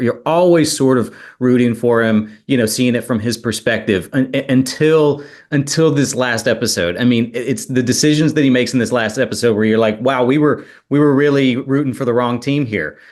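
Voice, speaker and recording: A man hosts an interview and puts questions across in a chatty, easygoing way. His voice sits at an ordinary middle pitch. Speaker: interview host. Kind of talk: casual interview.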